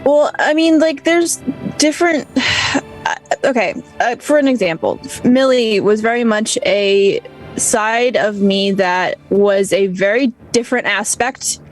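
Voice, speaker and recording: A woman with a mid-range voice talks casually on a live stream. She thinks aloud and reaches for words with lots of "like" and "you know." Soft music murmurs behind her. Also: mid-range voice, slow, low-quality recording. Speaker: co-host and role player.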